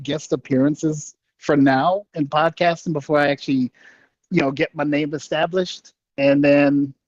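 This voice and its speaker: A man's voice: fairly high pitch, dry recording, dull audio. A man guesting on a podcast in casual chat, laid-back and a bit hesitant, joking around.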